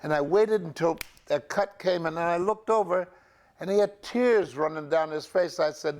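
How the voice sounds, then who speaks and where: An older man recalling his film work in an interview, halting and full of fillers and restarts. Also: fairly high pitch, a little mellow. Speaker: actor interviewee. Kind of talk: reminiscing interview.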